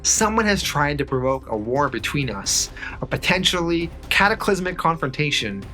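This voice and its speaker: A man's voice: a little high, big pitch swings, moderate pace, sharp tone, soft background music. A man voicing an earnest male superhero who speaks formally and urgently.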